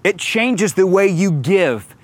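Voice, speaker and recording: A middle-aged pastor preaching a sermon into a stage microphone. His voice sits a little high for a man, and he tells stories in an animated way, acting out quotes. He slows down to stress scripture. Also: dry recording. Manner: animated storytelling with acted quotes.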